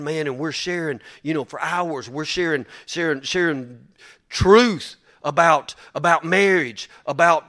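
A man's voice: fairly high pitch, fairly bright tone. A man preaching a sermon in a folksy, emphatic way, often repeating his words.

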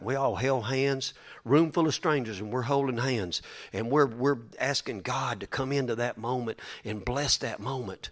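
Brief: male preacher, drawl, folksy and emphatic, mid-pitched, repeats for effect. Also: moderate pace. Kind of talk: sermon.

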